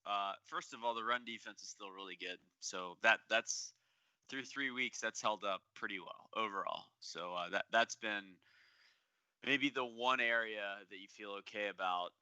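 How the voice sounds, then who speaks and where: Very bright-voiced male co-host. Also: on the low side, moderate pace, smooth, no echo. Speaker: podcast co-host. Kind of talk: casual sports podcast chat.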